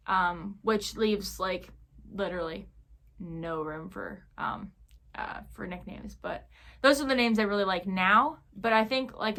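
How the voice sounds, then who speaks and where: Young woman vlogging, crisp bright voice, rambly and chatty with lots of ums. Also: mid-range voice. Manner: chatty, many fillers, animated storytelling. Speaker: YouTuber. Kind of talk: casual Q&A vlog.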